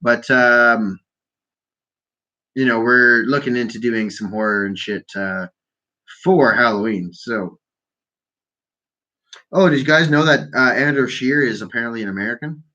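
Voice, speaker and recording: A man's voice: medium pitch, unhurried, pauses often, bright, forceful tone, highs cut off. A man hosting a live call-in show from Canada, stoned and ranting about politics in a profane, rambling, mocking way. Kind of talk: casual stoned political rant.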